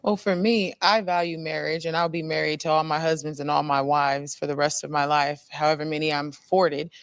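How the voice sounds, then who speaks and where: A woman on a discussion panel, speaking earnestly and deliberately about her relationships and repeating phrases for weight. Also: sits low, little pitch movement, dry recording. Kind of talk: earnest personal testimony.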